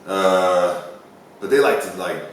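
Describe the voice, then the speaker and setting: A man's voice: deep voice, fairly even intonation, slow pace. A man in a casual chat, rambling through stories and acting out quotes. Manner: rambling storyteller, acts out quotes. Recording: echoey room, far from the mic, faint hiss.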